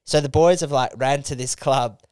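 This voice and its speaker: A young Australian man with a smooth, clean voice spins a crude yarn for his mates. He swears freely and slips into the voices of the people in his story. The sound is close and dry, like a podcast mic. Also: mid-range voice, normal speed, no echo. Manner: animated, swearing yarn-spinner acting out quotes. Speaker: podcast host. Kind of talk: casual storytelling chat.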